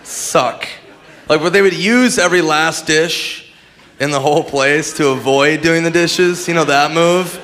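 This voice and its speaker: A man's voice: on the high side, measured pace, fairly bright tone. A man doing a stand-up routine on a club stage, with a laid-back, offhand delivery. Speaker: stand-up comedian. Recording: live set with audience noise. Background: audience.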